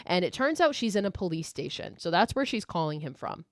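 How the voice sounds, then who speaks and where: A woman's voice: lowish voice, very animated, brisk, no room sound, studio quality. A woman podcast host casually retelling a horror movie plot, chatty and profane, with lots of "like". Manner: chatty and profane, heavy use of "like".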